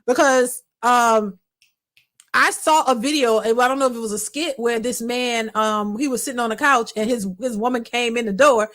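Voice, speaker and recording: High-voiced woman giving blunt commentary. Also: normal speed, a bit bright. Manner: blunt, emphatic, repeats her points. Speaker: reaction channel host. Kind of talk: casual reaction commentary.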